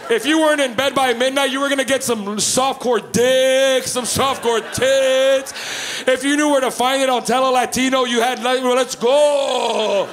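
A man in his thirties from Canada doing a stand-up comedy set in a club, telling stories in a profane, animated way. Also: very high-pitched, background noise. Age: 30s. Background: live audience laughter.

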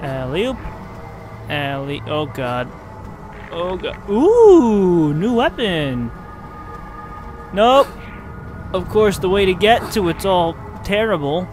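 A man commentating his playthrough of a game, excitable, swinging from muttering to yelling. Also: high-pitched, unhurried. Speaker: gaming video host. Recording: music from the game behind the voice.

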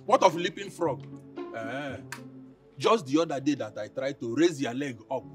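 A man's voice: mid-range voice, expressive, moderate pace, faint music behind, close to an everyday voice. An actor playing a crude, boastful Nigerian chief who mocks his wife, with a Nigerian accent, recorded from a distance. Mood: mocking. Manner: mocking, taunting, crude. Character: boastful philandering middle-aged chief, crude. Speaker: husband and chief. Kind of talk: Nollywood film acting.

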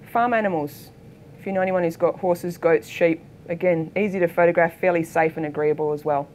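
A middle-aged Australian woman, a photographer giving a keynote talk, telling anecdotes in a lively way and acting out the voices of people in her stories. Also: fairly low pitch, a little fast, a little hiss or hum. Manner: lively storytelling, acts out quoted voices. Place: lecture hall.

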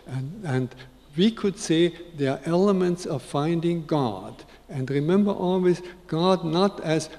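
A man in his eighties gives an unhurried, reflective spiritual talk to an audience, repeating key phrases for emphasis. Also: fairly high pitch, animated, a little mellow. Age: 80s. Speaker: spiritual speaker. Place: large conference hall. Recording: long reverb of a big hall.

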